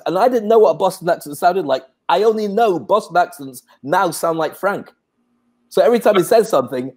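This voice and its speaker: British man, co-host, casual chat, chatty, self-deprecating, slightly high voice. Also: lively intonation, brisk, a little mellow. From Britain. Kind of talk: casual conversation.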